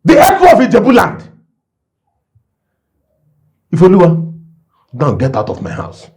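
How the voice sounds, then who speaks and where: Domineering father, Yoruba accent, high voice, wild swings in pitch, shouting. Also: huge pitch swings, a little fast, full character voice. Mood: furious. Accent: Nigerian, Yoruba. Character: domineering scheming Nigerian father, quick-tempered. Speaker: fraudster father. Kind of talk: Nollywood film acting.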